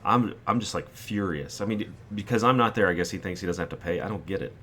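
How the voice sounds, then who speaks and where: A man's voice: sits low, quick pace, pushed and bright, a little hiss or hum. A man in his forties hosting a gaming channel, telling a rambling personal anecdote over gameplay and acting out the quotes.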